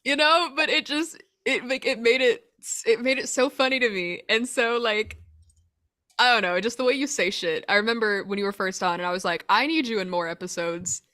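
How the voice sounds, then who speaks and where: A woman's voice: a little high, brisk, bright, forceful tone. A woman hosting a podcast in casual chat, blunt and swearing freely. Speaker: podcast host.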